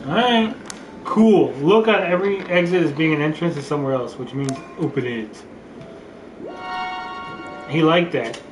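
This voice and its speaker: A joking, rambling man hosts a gameplay session and reads the on-screen text aloud in a fairly high voice. He sits away from the mic in a roomy space, with game music playing clearly behind him. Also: measured pace, pauses often, recorded from a distance. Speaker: let's play host. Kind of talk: casual gameplay commentary.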